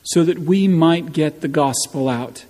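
A man preaching a sermon as pastor, slow and emphatic, with wry asides, in a church. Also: a little high, warm tone. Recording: long church reverb.

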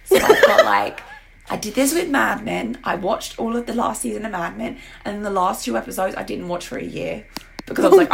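A woman's voice: mid-range voice, expressive, a little fast, creaky, noisy background. A woman with a sore throat co-hosting a podcast, chatting casually and animatedly about TV shows. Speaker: podcast co-host. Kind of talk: casual chat.

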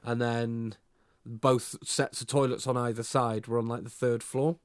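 A man's voice: mid-range voice, level tone, a little slow, clear, resonant tone, no echo, clean studio sound. A young man co-hosting a podcast, telling a rambling, self-mocking story full of hesitations. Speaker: podcast co-host. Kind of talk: casual storytelling chat.

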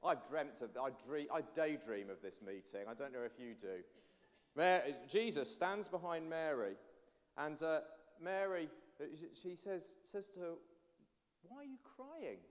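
A man, a pastor, giving an animated all-age sermon and addressing the children directly. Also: fairly high pitch, measured pace. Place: church. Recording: long church reverb.

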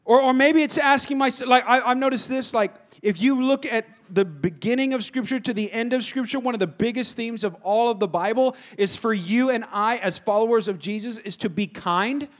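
A male pastor, preaching a sermon with animated storytelling and frequent restarts. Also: extremely high pitch, a little fast, hardly any pauses.

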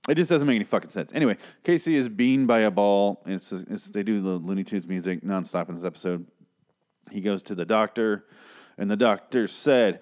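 A man's voice: low voice, fairly quick, a little mellow. Rambling, exasperated guy ranting. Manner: exasperated, profane, rambling with frequent asides. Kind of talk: casual rant about an old TV episode.

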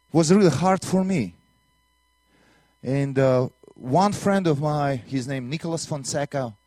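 Missionary preacher from Latvia, Russian accent, slightly high male voice, dry close sound, earnest testimony style. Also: a little mellow, no room sound. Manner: earnest storytelling with broken English and repeated words. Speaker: minister and missionary. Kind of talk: testimony sermon.

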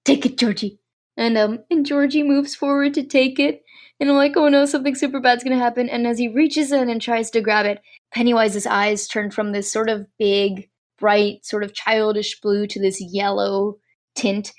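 A woman chatting casually on a podcast as she recaps a film scene by scene. Her voice sits a touch high, and she rambles and fills gaps with lots of ums. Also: fairly even intonation, measured pace.

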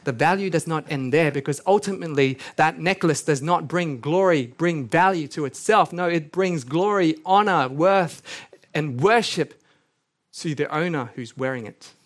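A man's voice: on the high side, moderate pace. A male pastor preaching a sermon, earnest, with joking asides and scripture read aloud. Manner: lively, joking asides between earnest points; reads scripture aloud with rising intensity.

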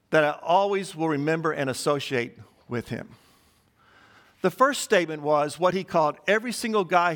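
A male pastor delivering a sermon in a high-pitched voice. He stacks phrase upon phrase in a steady, emphatic cadence. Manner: emphatic, repetitive listing cadence.

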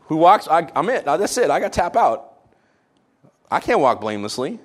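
Animated preaching man, higher voice. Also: measured pace, long pauses. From Israel. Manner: animated, jokey preaching with sudden quiet drops. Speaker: pastor. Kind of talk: sermon.

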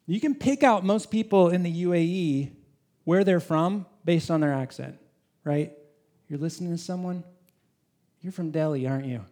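A man preaching a sermon to his congregation, swinging between loud, emphatic lines and hushed whispers. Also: high-pitched. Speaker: pastor. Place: church congregation in the UAE.

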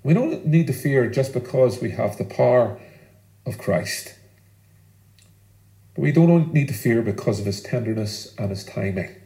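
Earnest preacher in an echoey room. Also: male voice, medium pitch, expressive, creaky, mellow. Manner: earnest, emphatic preaching with pauses. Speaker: pastor. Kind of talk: sermon.

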